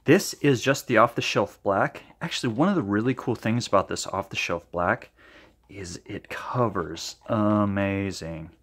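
Mixing colors for a paint-pouring video, this man speaks enthusiastically to the camera and thinks out loud. His voice is on the low side, a bit bright, and unhurried.

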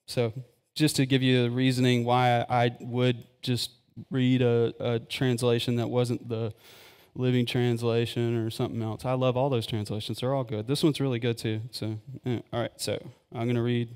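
Rambling pastor preaching in a reverberant hall. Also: male voice, mid-range voice, little pitch movement, moderate pace, few pauses, darkish tone, smooth. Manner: rambling, filler-heavy and enthusiastic. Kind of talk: casual live sermon. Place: church sanctuary. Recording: long church-hall reverb.

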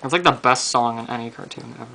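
A man's voice: mid-range voice, quick pace, gravelly, sharp tone, a little hiss or hum. A young man chatting casually while drawing, teasing and laughing often. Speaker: co-host drawing on video.

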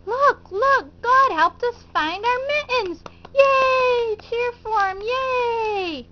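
Small childlike kittens piping up in a high, sing-song little voice, as a woman storyteller puts them on. The storybook sound is dull and lo-fi, and the kittens speak simply and slowly, like very young children. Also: expressive. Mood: excited. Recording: dull lo-fi recording.

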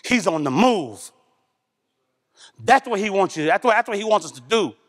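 Male preacher, high-pitched, lively sermon delivery, loud bursts then quiet asides. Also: moderate pace. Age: young adult or middle-aged, father of a young son. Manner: animated, swings between loud and hushed. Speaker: pastor. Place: church.

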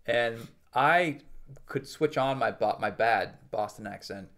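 A man co-hosting a casual podcast, animated and quick to laugh. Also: mid-range voice. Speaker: podcast co-host.

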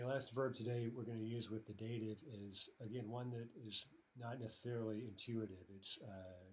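A man with a slightly low voice gives a relaxed online language lesson. He reads example sentences aloud, then explains them in a conversational way. He keeps checking in with "right?" and pauses on "uh" as he thinks. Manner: often ends phrases with a checking "right?" and uses "uh" as filler. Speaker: language teacher.

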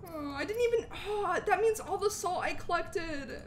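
Excitable high-voiced woman streamer. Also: moderate pace, few pauses, noisy background. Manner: excitable, swings between loud shouts and low mutters. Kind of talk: live gameplay commentary.

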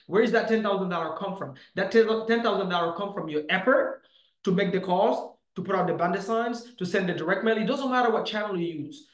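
A man coaching to camera in a punchy, emphatic way, with lots of "bam" and "boom". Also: a bit bright, echoey room, poor audio. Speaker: real estate coach. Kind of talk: motivational teaching to camera.

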